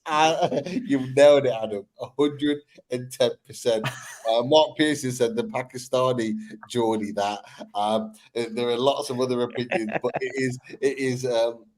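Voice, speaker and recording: A man's voice: medium pitch, normal speed, a little mellow. A man hosting a casual football chat. He talks in an upbeat, rambling way and often restarts his sentences. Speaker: podcast host.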